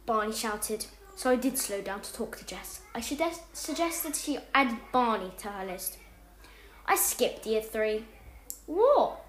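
A woman with a fairly high, light voice reads a homemade story aloud. She is animated and jumps up in pitch and loudness for each line of dialogue. The room around her rings with echo. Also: measured pace.

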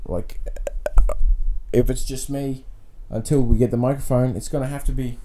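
A man hosting a solo comedy podcast, rambling and self-mocking in a deadpan way. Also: medium pitch, moderate pace, slight background noise. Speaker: podcast host. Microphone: podcast mic.

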